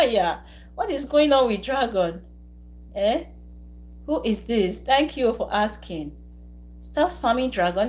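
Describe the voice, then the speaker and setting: A woman's voice: mid-range voice, rough recording. A woman hosting a live stream, chatting casually with viewers, teasing them and laughing often.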